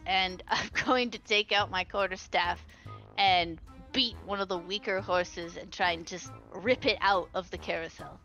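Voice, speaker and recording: Lady player at the game table, bright punchy voice, bit dramatic. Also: mid-range voice, steady tone, unhurried, faint music behind, low-quality recording.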